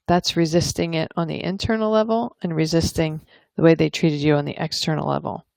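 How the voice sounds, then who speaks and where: A woman and parenting coach talking calmly and earnestly to camera, explaining ideas and acting out example dialogues. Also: low-pitched, fairly quick, vocal fry, no room sound. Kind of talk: advice talk to camera.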